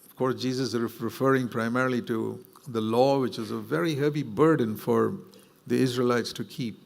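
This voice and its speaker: A man preaching a sermon in an earnest, conversational way, rising in pitch when he presses a point. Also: steady tone, moderate pace, vocal fry.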